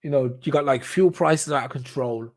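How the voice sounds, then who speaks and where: A man chats alone on his podcast in a loose, unscripted way. His voice sits at an ordinary middle pitch. He stumbles through restarts and fillers and breaks into laughter often. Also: moderate pace, darkish tone. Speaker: podcast host. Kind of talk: casual solo commentary.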